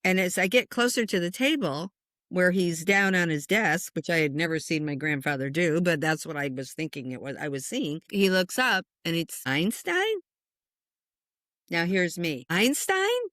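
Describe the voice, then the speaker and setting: A middle-aged woman, a spiritual medium, telling a personal story in conversation with lots of lively swings and chuckles. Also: lowish voice, normal speed, dry recording, clean studio sound. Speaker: spiritual medium and meditation teacher.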